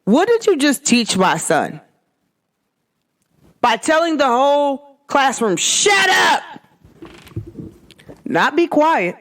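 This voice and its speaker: A woman's voice: high voice, big pitch swings, slow pace, long pauses. A woman hosting her own podcast, talking in a casual, emphatic monologue full of rhetorical questions. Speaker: podcast host.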